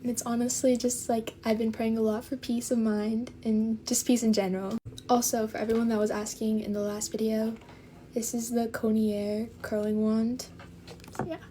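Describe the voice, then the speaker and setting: A woman with a slightly high, mellow voice that stays flat in pitch. She chats with her viewers in a relaxed, rambling get-ready-with-me style. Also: moderate pace, slight background noise. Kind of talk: casual get-ready-with-me chat.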